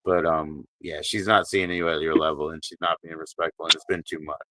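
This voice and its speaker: A man's voice: a bass voice, level tone, fairly quick, background noise. A man hosting a live stream, talking bluntly and profanely while consoling a caller. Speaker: livestream host. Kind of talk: casual live stream chat. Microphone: streaming mic.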